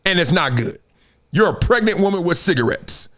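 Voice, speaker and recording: Middle-aged male host, high lively voice, animated storyteller. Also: moderate pace. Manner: animated storytelling, laughing, acts out quotes. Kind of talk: live-stream sports talk.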